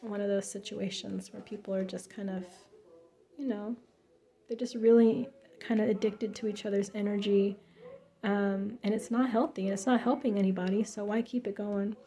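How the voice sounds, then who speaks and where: A woman's voice: mid-range voice, fairly even intonation, moderate pace, dark tone. A woman giving a casual tarot reading in an emphatic, chatty way, full of fillers and restarts. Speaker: tarot reader.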